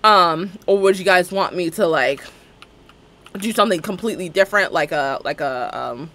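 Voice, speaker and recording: While streaming a game live, a woman talks casually, rambles, and laughs often. Her voice is fairly low in pitch, animated, a bit bright, and moderate in pace.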